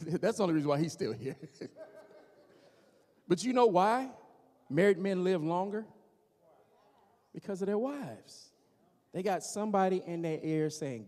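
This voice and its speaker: Male comic working the crowd, animated and teasing, higher pitch, reverberant church room. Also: normal speed. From Gary, Indiana, USA. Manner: animated, teasing, talks straight to the audience. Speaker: stand-up comedian. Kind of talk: stand-up comedy with crowd work. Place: church hall before a live audience.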